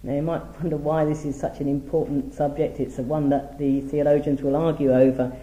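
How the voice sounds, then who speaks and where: Dark-toned man teaching scripture. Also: a little high, level tone, reverberant, lo-fi sound. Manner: measured, reads scripture aloud with emphasis. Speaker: preacher. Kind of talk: Bible teaching talk.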